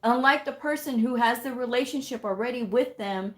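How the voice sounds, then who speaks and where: A middle-aged woman, a medical coding educator, telling a work story in a chatty, animated live-stream way, with lots of "you know.". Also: a little high, a little fast.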